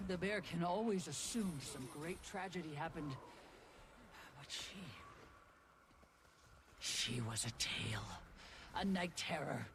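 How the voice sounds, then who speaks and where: A solemn villager in a video game, recounting dark folklore slowly and gravely. His voice sits slightly high, with clear background noise behind the game audio. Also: animated, heavily acted. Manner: slow, grave storytelling.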